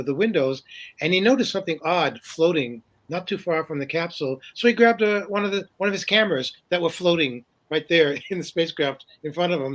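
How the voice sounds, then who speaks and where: An older man tells long stories as an interview guest, with a slightly raised pitch. He rambles through fillers and restarts and chuckles often as he goes. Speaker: guest, paranormal journalist. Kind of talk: casual interview storytelling.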